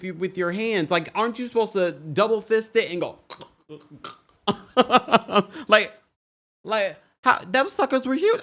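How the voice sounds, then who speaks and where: A man with a high, slightly bright voice hosts a livestream recapping a reality show, gossiping casually, reading viewer comments aloud, and laughing often.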